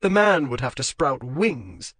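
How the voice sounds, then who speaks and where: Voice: medium pitch, animated, a little slow, a bit bright, dry recording. An audiobook narrator voicing a young nobleman who speaks in a dry, matter-of-fact way.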